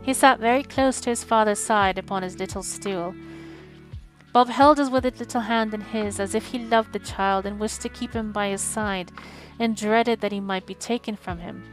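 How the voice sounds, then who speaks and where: A woman streamer reading a classic novel aloud in a steady, expressive manner. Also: mid-range voice, normal speed, faint music behind. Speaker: audiobook reader and streamer.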